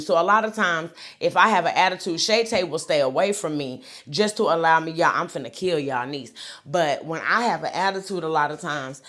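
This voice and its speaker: A woman's voice: fairly low pitch, fairly quick, a bit bright. Brash profane woman telling a story. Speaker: comedian vlogger.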